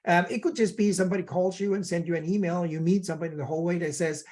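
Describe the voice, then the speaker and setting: A man's voice: high-pitched, rapid-fire. A man giving a keynote lecture on negotiation, asking the audience questions and sometimes stumbling over and repeating his words. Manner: lively, asks the audience questions. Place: remote keynote session.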